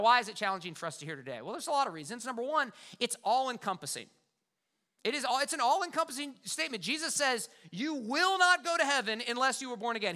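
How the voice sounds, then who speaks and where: Bright, high-voiced male preacher. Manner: emphatic, conversational preaching with repetitions. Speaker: pastor. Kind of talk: sermon.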